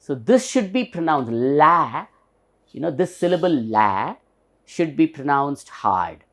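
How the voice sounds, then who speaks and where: Slow, patient Indian English teacher. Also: male voice, fairly high pitch, very animated. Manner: patient, spells words letter by letter and repeats them for emphasis. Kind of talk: recorded pronunciation lesson.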